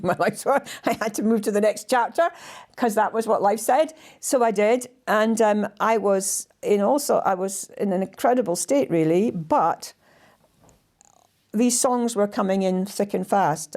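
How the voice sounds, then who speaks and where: An older woman with a Scottish accent, telling stories by the fireside in a gentle, halting way that often trails off to a hush. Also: mid-range voice. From Scotland. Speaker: storyteller and singer. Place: indoors in a house by a fireside.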